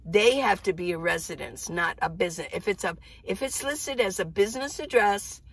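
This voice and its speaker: A woman's voice: medium pitch, animated, normal speed, husky, dry recording, rough recording. A middle-aged woman hosting a casual, rambling coffee-chat vlog from her minivan. She laughs often as she talks. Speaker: vlogger. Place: inside a minivan.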